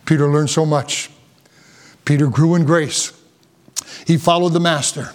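A man's voice: a little high, steady tone, measured pace, long pauses. A man preaching an impassioned sermon, rising to emphatic peaks. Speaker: pastor.

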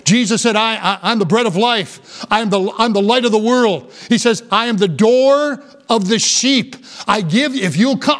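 A man preaching a sermon as pastor, reading scripture slowly and then building to fervent appeals. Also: extremely high pitch, lively intonation, a bit bright.

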